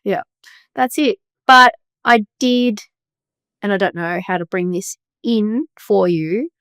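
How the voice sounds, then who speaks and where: A woman's voice: mid-range voice, slow pace, fairly bright tone, clear, resonant tone, dry recording, clean studio sound. A woman co-hosting a casual podcast, talking about her travels in a laid-back, easygoing way. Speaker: podcast co-host. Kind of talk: casual chat.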